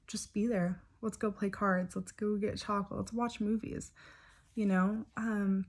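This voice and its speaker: A young woman speaking softly and hesitantly to camera, sharing a personal story with many pauses and fillers. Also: mid-range voice, little pitch movement. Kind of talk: personal confessional talk to camera.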